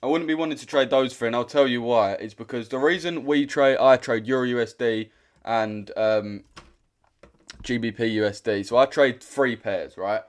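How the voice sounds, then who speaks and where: A man's voice: medium pitch, moderate pace. A young British man hosting a trading livestream, chatting casually in a blunt, slangy way that repeats itself. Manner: slangy and direct, repeats himself.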